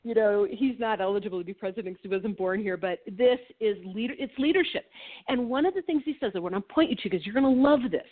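A woman co-hosting a reflective conversation, earnest and animated, laughing often as she talks. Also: medium pitch, quick pace. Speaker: co-host. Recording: tinny phone-like line.

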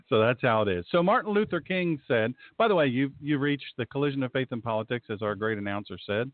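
A man's voice: medium pitch, animated, quick pace, few pauses, no echo. A man with a Southern accent hosting a faith and politics talk show in a folksy, rambling, fired-up way. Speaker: talk show host and pastor. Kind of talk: casual radio talk. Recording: tinny dry phone-line audio.

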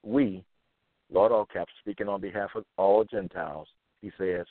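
A man reading scripture verses aloud and commenting on them, slowly repeating phrases with fillers between them. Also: sits low, no room sound. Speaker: self-styled preacher. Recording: tinny phone-like line.

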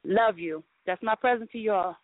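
Excited woman on a tinny phone line. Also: medium pitch, moderate pace, heavy background noise. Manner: excited, rambling, laughing often. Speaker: radio show co-host. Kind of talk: casual call-in chat.

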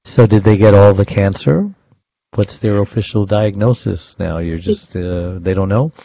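A man's voice: fairly low pitch, moderate pace, creaky, warm tone. A man co-hosting a podcast interview, chatting casually and affirming his guest. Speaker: podcast co-host. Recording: dry, dull audio.

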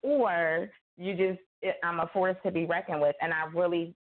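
A guest author chats casually over a tinny, phone-like line, telling stories and acting out quoted lines. She laughs often, and her voice is fairly low at a moderate pace.

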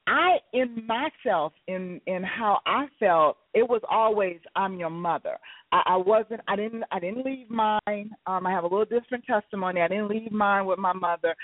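A woman's voice: medium pitch, no echo. A woman in her late fifties co-hosts a radio talk show and talks earnestly, stopping and restarting her sentences. Her voice sounds dry and narrow, like a phone line. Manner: earnest, halting, restarts often.

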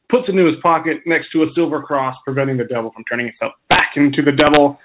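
A man's voice: on the high side, quick pace, hardly any pauses. Chatty man telling a story on a tinny line. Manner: relaxed, chatty, with restarts. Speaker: podcast co-host. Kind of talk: casual storytelling chat. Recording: phone-like narrow sound.

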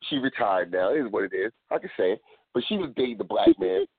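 A man's voice: lowish voice, big pitch swings, fast, husky, no room sound. A man hosting a casual talk show who often repeats words and restarts his phrases. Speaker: podcast host. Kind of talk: casual chat. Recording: tinny phone-line sound, dry.

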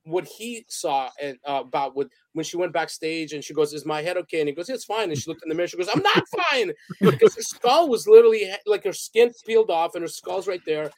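A man's voice: on the high side, quick pace, dry recording. A man guest on a podcast interview, telling rambling, emotional stories in a casual way and acting out what people said. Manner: animated, rambling storyteller; emotional, acts out quotes. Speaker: guest photographer and director.

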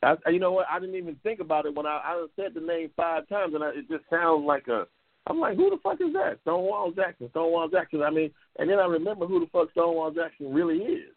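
A man hosting a call-in talk show, heated and profane, repeating himself and jumping into high outbursts. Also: fast, no room sound. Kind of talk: loud profane call-in chat. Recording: phone-like lo-fi audio.

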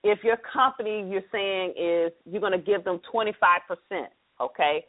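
A woman's voice: mid-range voice, normal speed. A woman hosting a talk radio show, chatty and upbeat, explaining things to her listeners. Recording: tinny phone-line broadcast.

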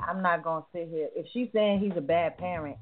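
A woman's voice: fairly low pitch, brisk, soft background music. A woman co-hosting a casual live morning show, blunt and opinionated. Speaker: co-host. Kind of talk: casual live radio chat. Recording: tinny phone-like line.

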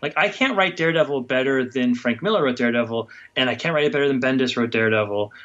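A man as a guest comics writer in a casual interview, rambling and halting with many restarts. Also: medium pitch, fairly bright tone. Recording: dull lo-fi sound.

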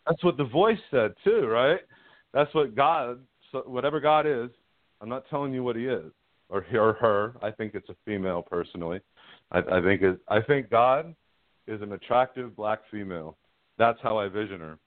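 A man's voice: medium pitch, lively intonation, normal speed, no echo. A middle-aged man calling in as a guest, telling a personal story in a frank, rambling way and laughing at himself. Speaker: guest caller. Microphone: phone. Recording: tinny dry phone line.

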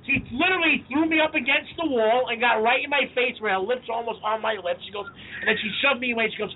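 A man with a very high voice rattles through his stories at speed, acting out each voice and swearing freely as he co-hosts a casual podcast. The sound is thin and phone-like, with faint noise underneath. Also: quick pace. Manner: animated storyteller, acts out quoted voices, swears freely. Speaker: podcast co-host. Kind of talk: casual chat.

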